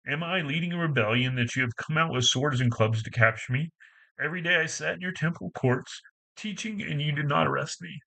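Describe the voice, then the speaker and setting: Man reading scripture aloud, halting. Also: on the high side, gravelly, sharp tone, poor audio. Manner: halting reading with frequent stumbles and self-corrections. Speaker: Bible reader.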